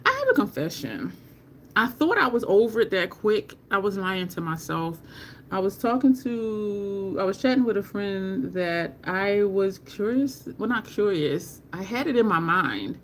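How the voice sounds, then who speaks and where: Woman, makeup livestream host, slow rambling chat, mid-pitched voice, faint background ambience. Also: big pitch swings, a little hiss or hum. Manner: slow, rambling talk, greeting viewers from live chat.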